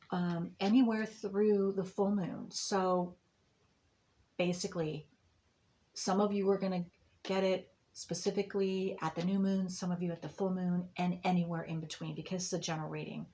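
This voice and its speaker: A woman's voice: on the low side, a little mellow. A woman giving a monthly intuitive reading to her viewers, rambling and restarting with many fillers in a reassuring tone. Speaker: astrology and tarot reader.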